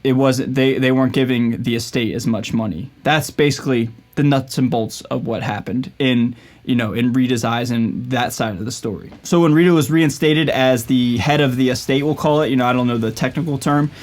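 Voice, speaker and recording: A man's voice: medium pitch, brisk, hardly any pauses. A young man hosting a casual commentary video, stumbling and hesitant, with lots of fillers. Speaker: YouTube host.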